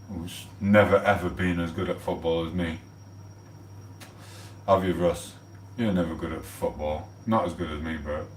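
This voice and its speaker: A man, rambling and swearing casually as he gives shout-outs on his livestream. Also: on the low side, distant mic, slight background noise. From England. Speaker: livestream host. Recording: echoey room, off the mic.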